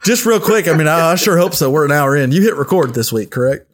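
Man, fairly high voice, casual podcast co-host, teasing questions. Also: lively intonation, fast talker. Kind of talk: casual chat.

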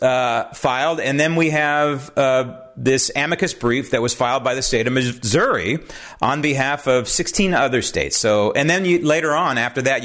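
A man hosting his own talk program, giving an animated political commentary monologue, often asking "right?" and drifting into asides. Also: medium pitch. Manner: digresses into anecdotes. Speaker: host.

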